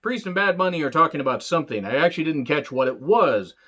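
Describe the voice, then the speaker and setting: A man's voice: on the high side, animated, quick pace, fairly bright tone, lo-fi sound. A man who reviews wrestling shows in a casual, sarcastic way, with a lot of swearing and jokes. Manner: sarcastic, joking, rambling. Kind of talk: casual profane commentary.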